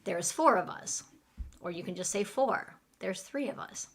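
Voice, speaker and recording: A woman teaching English in a live online class, speaking slowly and clearly and acting out restaurant phrases for learners to repeat. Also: medium pitch, animated, a bit bright. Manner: slow, clear teaching delivery with role-play lines.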